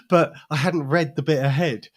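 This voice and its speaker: A man's voice: a little high, steady tone, unhurried, husky. A man co-hosting a casual podcast chat, telling wry stories with laughter. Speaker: podcast co-host.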